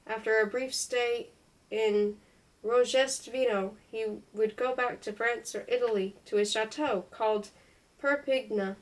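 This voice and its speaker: Woman, fairly high voice, reading a memoir aloud, careful delivery, trips over hard names. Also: fairly even intonation, unhurried, low-quality recording. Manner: careful, stumbling now and then over foreign names. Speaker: reader. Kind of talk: unhurried audiobook-style reading of a memoir.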